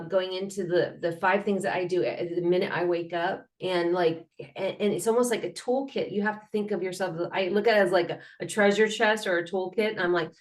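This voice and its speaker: A woman talks as an interview guest in an earnest, rambling way. She restarts her sentences often and fills gaps with fillers. She breaks into acted-out noises and fake laughter to make her points. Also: medium pitch. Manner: animated, acts out sounds and laughter. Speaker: guest, mental health advocate. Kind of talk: casual interview talk.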